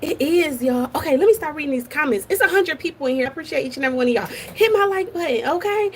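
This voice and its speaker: A woman's voice: high voice, lively intonation, quick pace, slight background noise. A woman hosting a casual live stream from her office at work, chatty and gossipy, greeting viewers by name.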